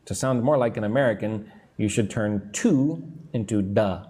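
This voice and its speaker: A man's voice: mid-range voice, lively intonation, mellow. A man teaching English in a live online lesson, explaining grammar step by step and answering viewer comments. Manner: drawn-out, patient teacher delivery.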